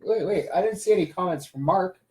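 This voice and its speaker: A young man talks in a loose, rambling way while hosting a casual livestream. His voice sits a little higher than most men's, and he keeps breaking off to greet viewers and read their comments. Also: a little fast, a little mellow. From Canada. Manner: rambling, chatty, reads viewer comments aloud. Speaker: livestream host.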